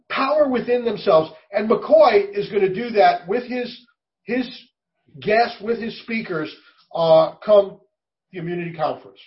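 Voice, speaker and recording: A man's voice: sits high, expressive, measured pace, distant mic. A man speaking for a college in an interview, enthusiastic and emphatic. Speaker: college representative. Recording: muffled, away from the mic.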